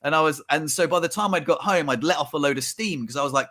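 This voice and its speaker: A man talks through a personal story in a casual podcast chat. He is reflective and sometimes acts out his own thoughts. His voice sits a little high. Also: quick pace, sharp tone. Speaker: podcast co-host.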